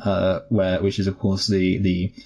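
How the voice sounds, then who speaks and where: Low, monotone and unhurried, this man's mellow voice has a breathy edge, and the audio sounds dull. He co-hosts a podcast, musing wryly and rambling about a film in casual conversation with frequent restarts.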